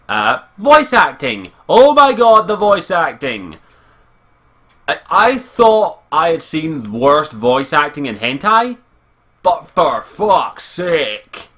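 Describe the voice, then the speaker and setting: A man's voice: on the high side, bright, forceful tone. A Scottish man ranting casually through an anime review, swearing often and sounding exasperated. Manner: profane, exasperated, rambling.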